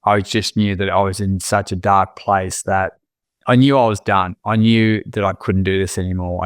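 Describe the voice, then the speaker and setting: Australian man, low smooth voice. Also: no echo, studio quality. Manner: reflective, halting, with many restarts and "you know"s. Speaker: guest. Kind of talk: candid personal storytelling.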